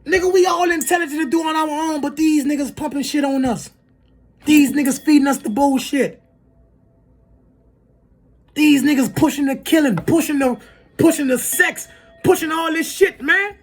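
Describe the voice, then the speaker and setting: A high-pitched speaker on a heated, profanity-laced rant to camera. The voice jumps from near-shouts down to low mutters, stops for apologetic asides, and keeps tagging lines with "you heard me". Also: moderate pace, pauses often. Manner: profane, fired up, swings between shouting and muttering; repeats tags like "you heard me" and "you feel me". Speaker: video creator. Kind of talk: heated spoken rant to viewers.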